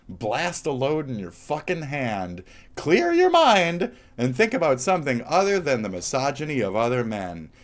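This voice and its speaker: A man streaming live, ranting angrily and rambling, with constant swearing. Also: mid-range voice. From United States. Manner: rambling, heavy cursing, angry. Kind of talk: profane live-stream rant.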